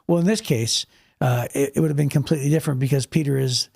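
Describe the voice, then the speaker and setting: Talking fast in a gravelly, darkish mid-range voice with a breathy edge, a male podcast co-host narrates a Bible story. He keeps it vivid and casual, but he repeats words and restarts often.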